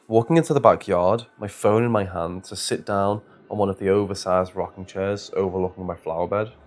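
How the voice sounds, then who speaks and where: A man narrating a first-person horror story in a measured, scripted reading. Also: low-pitched, darkish tone.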